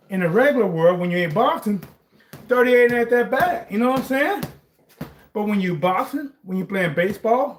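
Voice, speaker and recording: Animated high-voiced man ranting about sports. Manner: rambling, animated, bursts into shouts on points. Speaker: sports commentary vlogger. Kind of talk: casual chat.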